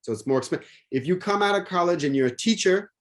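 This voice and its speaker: A man in casual conversation, rambling and animated, with many restarts and fillers. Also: high-pitched, quick pace.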